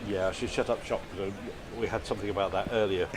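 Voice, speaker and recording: A man's voice: lowish voice, steady tone, fast talker, background noise. A middle-aged man reading out viewer messages and teasing his co-hosts in casual chat. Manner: light, joking, teasing.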